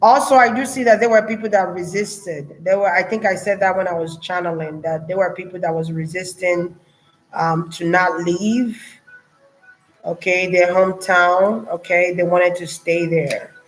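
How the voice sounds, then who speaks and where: A woman, giving a casual spiritual channeling reading, musing slowly with many fillers and restarts. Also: fairly low pitch, fairly even intonation, faint music behind, poor audio.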